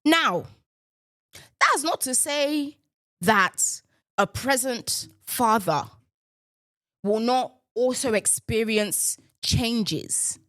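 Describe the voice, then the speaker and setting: A woman hosts her own show, riffing and joking with the odd swear word. She keeps her voice deliberately pitched lower than usual and takes her time, unhurried. The recording is dry and close. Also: animated, a bit bright, no echo. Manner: playful, riffing, with bursts of profanity; deliberately lowered voice while in a male persona. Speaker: podcast host. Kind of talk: casual solo commentary.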